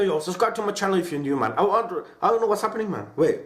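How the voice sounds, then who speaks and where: A young man chatting casually in a vlog, slangy and excitable, sneezing between lines. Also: high-pitched, racing, hardly any pauses, roomy sound, slight background noise. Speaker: YouTuber.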